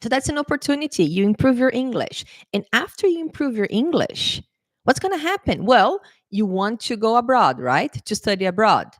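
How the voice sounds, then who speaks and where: Woman English teacher, casual talk to camera, lively and encouraging, dry close mic. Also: on the high side, normal speed, no echo. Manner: lively, animated, coaxing, repeats "okay?" and "right?".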